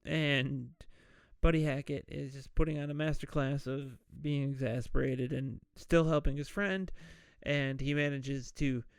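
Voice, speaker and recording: A man retelling a film plot in a slow, unhurried drawl, his voice gravelly yet smooth. He slips into animated impressions of the characters. The recording is close and completely dry. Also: medium pitch, dry recording. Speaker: podcast host. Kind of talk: casual movie recap with acted-out quotes.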